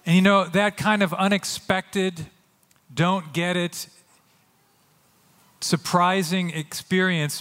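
A man preaching a sermon as pastor, earnest and animated, often acting out quotes. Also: high-pitched, big-room sound. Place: church sanctuary.

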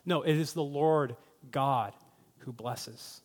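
Male pastor with a somewhat high voice, chatty storytelling sermon, recorded in a reverberant church hall. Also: a little slow, a little mellow. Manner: conversational storytelling, addresses listeners as guys.

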